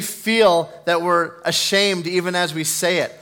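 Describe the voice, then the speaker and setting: A man's voice: sits high, steady tone, measured pace, few pauses, sharp tone, clean tone. A man preaching a sermon, earnest and building to fervent emphasis, mixing in personal stories. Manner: tells personal stories with self-deprecating laughs.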